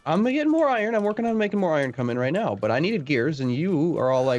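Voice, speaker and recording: A man with a lively, swooping voice bickers over a multiplayer game in mock outrage, with faint music behind him. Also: a little high, quick pace. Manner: animated, mock-indignant, bickering. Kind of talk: casual multiplayer gaming chat.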